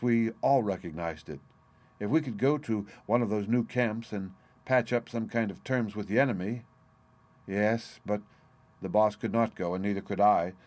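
A man narrating a classic novel chapter for an audiobook in a measured, even storytelling delivery. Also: lowish voice. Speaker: audiobook reader. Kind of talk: scripted narration.

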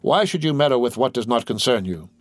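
A man voicing a sickly, suspicious older woman who scolds in a sharp, mistrustful way. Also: medium pitch, expressive, a little fast, no echo, lightly acted. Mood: scolding. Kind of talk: audiobook character reading.

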